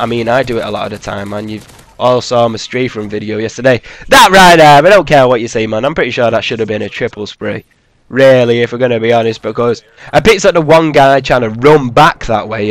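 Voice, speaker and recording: A man's voice: mid-range voice, a bit bright, no echo. A man giving rambling, casual commentary over gameplay footage, swearing freely and filling gaps with "man" and "I don't know". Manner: rambling, profane, laid-back, with many fillers.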